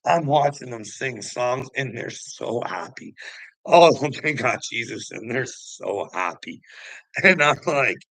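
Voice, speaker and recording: A man rants in a loose, profane ramble, his gravelly voice carrying a bright, pushed edge. The sound is dry and close, with no room around it. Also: mid-range voice, expressive, slow pace, no room sound, poor audio. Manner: profane, rambling, laughs often. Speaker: host. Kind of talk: casual ranting talk.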